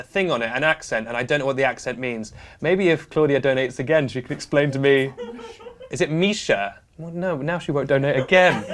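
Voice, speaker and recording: A young man hosting a comedic charity live stream, playful and prone to laughing. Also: fairly high pitch. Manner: playful, giggly, animated banter.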